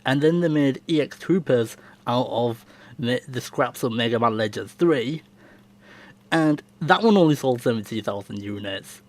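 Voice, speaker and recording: A young man answers viewer questions on his channel in a casual Q&A, chatty and rambling, laughing often. His voice is medium-pitched and darkish, animated, at a moderate pace.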